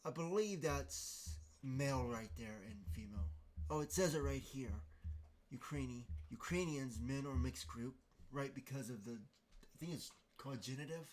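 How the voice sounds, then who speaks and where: A man talks through a grammar point on his podcast at a mid pitch. He thinks out loud, hesitating, restarting, and dropping ums between phrases, in a loose conversational way. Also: normal speed. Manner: hesitant, many fillers and restarts, thinking aloud. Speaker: podcast host. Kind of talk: casual explanatory monologue.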